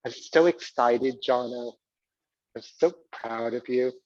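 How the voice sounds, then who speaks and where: A man's voice: medium pitch, takes it slowly, a little mellow, no echo, muffled recording, close to an everyday voice. A man voicing his doting elderly mother, fond and eager to visit. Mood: proud.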